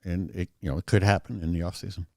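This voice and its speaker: A deep-voiced man co-hosting a casual sports talk show, opinionated and quick to restart his sentences. The sound is dry and close, with no room around it. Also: steady tone, creaky, dry recording. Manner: opinionated, talks in bursts with restarts. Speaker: podcast co-host.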